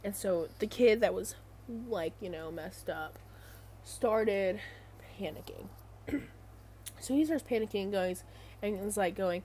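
A woman's voice: mid-range voice, measured pace, pauses often, dark tone, a little hiss or hum. A young adult woman telling a casual story in a rambling, chatty way full of fillers. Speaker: vlogger.

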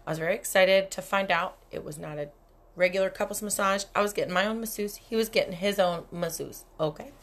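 A woman's voice: mid-range voice, fairly quick. A young adult woman hosting a casual solo podcast, telling stories candidly with lots of swearing and frequent laughter. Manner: candid, profane, laughs often. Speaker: podcast host. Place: cabin.

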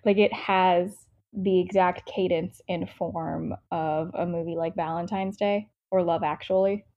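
A woman's voice: on the low side, fairly even intonation, unhurried, dark tone. A young American woman co-hosting a book podcast, chatting casually and rambling, with lots of fillers and self-interruptions. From United States. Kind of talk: casual book review chat. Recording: slightly dull lo-fi sound.

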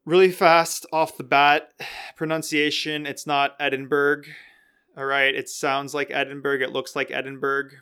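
A young man hosting a casual solo podcast, talking in a relaxed, rambling way that often corrects itself. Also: fairly high pitch, measured pace, clear, resonant tone. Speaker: podcast host.

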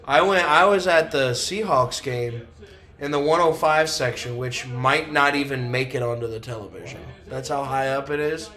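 A man hosting a podcast, chatting casually and excitably about football in a slangy, trash-talking way. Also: medium pitch, moderate pace. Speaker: podcast host. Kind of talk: casual sports chat while watching a game.

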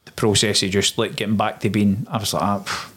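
A young Scottish man with a fairly low voice talks through his experiences as a former soldier. His delivery is plain and low-key, and he tells events in long, steady runs. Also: fast talker, husky. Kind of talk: casual interview storytelling.

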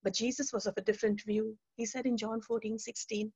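Woman preacher, higher husky voice, earnest testimony over a muffled video call. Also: flat delivery, brisk, a little mellow, no echo. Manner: earnest, emphatic, repeats key phrases. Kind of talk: testimony and teaching talk. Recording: dull lo-fi webinar audio.

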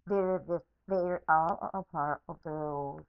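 A woman's voice: low voice, fairly even intonation, slow pace, smooth, no echo, lo-fi sound. A woman podcaster in an angry, unscripted rant, swearing heavily and repeating herself, recorded as a phone voice message. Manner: profane, repetitive, heated.

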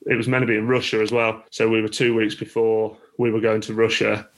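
A man's voice: fairly low pitch, monotone, brisk, low-quality recording. A man with an English accent, a rugby coach telling stories as a guest in a casual podcast chat. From England. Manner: chatty, with many restarts and laughs. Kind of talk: casual interview storytelling.

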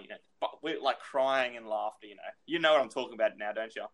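A man's voice: mid-range voice, a little fast, hardly any pauses, fairly bright tone. A man telling a rambling story in casual chat, swearing freely and filling with "you know".

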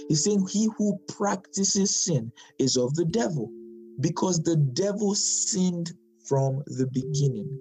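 A man with a slightly high, mellow voice teaches scripture verse by verse. He talks in a relaxed, conversational way, repeats key phrases and asks his listeners questions. Faint instrumental music plays behind him. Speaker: Bible teacher.

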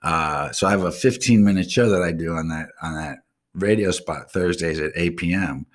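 On his solo live stream show, a deep-voiced man delivers a blunt, profane rant, cursing almost constantly. His talk is full of casual slang and drifts into loose tangents.

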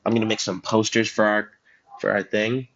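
A teenage boy hosts a podcast on his own, going off on tangents and joking at his own expense. His voice sits low. The school-room recording sounds muffled and lo-fi. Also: flat delivery, moderate pace, a bit bright. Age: teens. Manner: joking, self-deprecating, goes off on tangents. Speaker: student podcast host. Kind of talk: rambling solo podcast chat.

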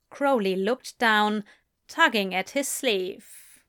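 A woman reading a romantic story aloud in a slow, measured way. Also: fairly high pitch, animated. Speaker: reader. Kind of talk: reading fan fiction aloud.

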